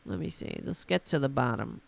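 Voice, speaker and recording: A woman hosts a livestream, giving exasperated, sarcastic commentary in a slow, unhurried drawl. Her voice is hoarse and worn, with a gravelly rasp. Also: deep voice, very animated. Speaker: livestream host.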